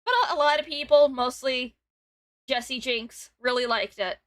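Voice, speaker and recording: A streamer host in her twenties runs a casual stream in a high-pitched voice, speaking a little slowly with no echo. She giggles often, reads chat messages aloud, and talks over her guest.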